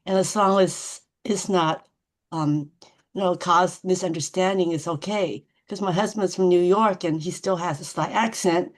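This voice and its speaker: A woman tutor makes a comment over a video call in a casual group discussion. Her voice sits on the lower side, and she speaks in a measured, thoughtful way. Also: steady tone. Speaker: volunteer literacy tutor.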